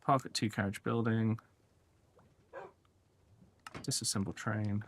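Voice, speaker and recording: A man's voice: fairly low pitch, fairly even intonation, slow pace, slight background noise. A man streaming a building game, talking casually and thinking aloud to himself as he works. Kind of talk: casual live game commentary.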